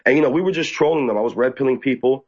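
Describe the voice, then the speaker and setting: A man telling an interviewer an animated, excited account, often mimicking people in high, squeaky voices. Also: rapid-fire, slightly rough, muffled recording. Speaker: activist guest. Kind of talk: casual storytelling interview.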